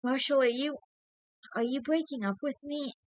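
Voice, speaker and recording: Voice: high-pitched, normal speed, dry recording, pitched above the performer's own voice, close to an everyday voice. A reader voicing a young woman who pleads tearfully with her boyfriend. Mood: tearful pleading.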